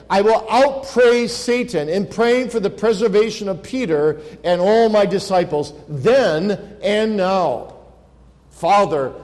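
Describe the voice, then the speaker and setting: A man preaching a sermon as pastor, earnest, slowing and swelling when he quotes scripture. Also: high voice, darkish tone. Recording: long reverb of a large hall.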